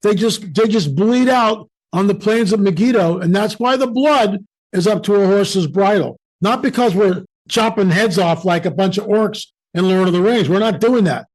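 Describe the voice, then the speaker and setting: An emphatic American man talks in an animated preaching way and often acts out the voices of people he quotes. His voice sits high for a man. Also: normal speed, poor audio. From United States. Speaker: guest speaker.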